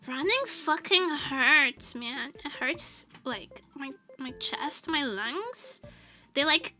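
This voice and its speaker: A young woman streamer talks loosely with her chat, laughing often and dropping casual swears. Her voice sits high and sounds very bright and sharp. Faint music plays behind her. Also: very animated, very slow, long pauses. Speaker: VTuber streamer.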